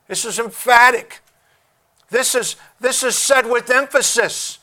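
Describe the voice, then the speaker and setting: Male pastor, sermon, emphatic and deliberate, unhurried, ringing voice. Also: very high voice, fairly even intonation, bright, forceful tone. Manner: emphatic, deliberate, repeats words while searching.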